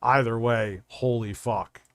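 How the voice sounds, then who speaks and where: A man hosts a live stream in loose, rambling chat, swearing freely and answering viewers one after another. His voice sits at an ordinary middle pitch. It is recorded dry and close, with no room sound at all. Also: steady tone, slow, fairly bright tone, no echo. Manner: profane, rambling, talks straight to chat.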